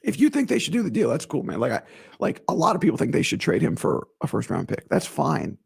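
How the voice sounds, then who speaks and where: A man's voice: a little high, fast talker. A man hosting his own podcast in casual solo talk, his voice strained while it recovers, emphatic and repetitive when worked up. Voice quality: raspy, gravelly. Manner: animated, emphatic, repeats himself. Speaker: podcast host.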